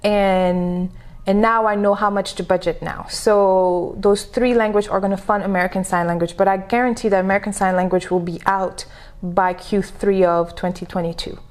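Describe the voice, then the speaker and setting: A woman's voice: medium pitch, fairly even intonation, normal speed, darkish tone. A woman with a French accent, a podcast guest talking in a casual, emphatic way and often checking in with "okay?". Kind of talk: casual interview chat.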